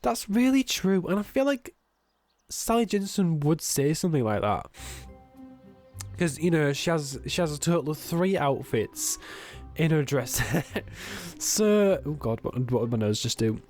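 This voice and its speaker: A man's voice: a little high, lively intonation, measured pace, a little mellow, soft background music. A young man giving joking, sarcastic commentary while playing a video game. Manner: sarcastic, joking, camp asides. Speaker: let's play gamer. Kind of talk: gameplay commentary.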